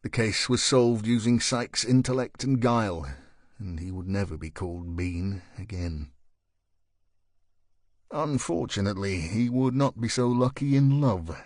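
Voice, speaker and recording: Man reading a thriller audiobook, mid pitch, steady and even, dry close mic. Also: no echo. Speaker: audiobook narrator. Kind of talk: scripted narration.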